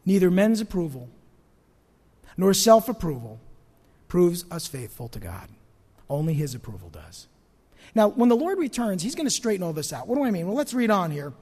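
Animated high-voiced male pastor, church reverb. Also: normal speed, pauses often, breathy edge. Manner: dramatic swings between loud emphasis and hushed asides; rhetorical questions to the congregation. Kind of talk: sermon.

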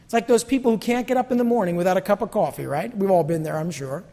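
A man's voice: high voice, quick pace, mellow, in a large hall. A man preaching a sermon as a pastor, acting out little voices and sometimes dropping to a near whisper.

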